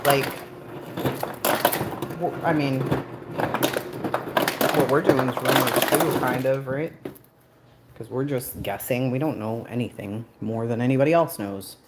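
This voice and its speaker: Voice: mid-range voice, unhurried, pauses often, noisy background. A livestream host in casual commentary, snarky and profane, laughing often.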